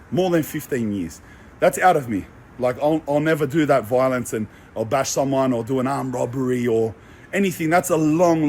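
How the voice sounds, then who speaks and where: A man's voice: medium pitch, a little mellow, a little hiss or hum. A young Australian man talking casually outdoors, brash and boastful with street slang. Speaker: social media personality. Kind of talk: casual walking vlog. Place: outdoors among apartment blocks.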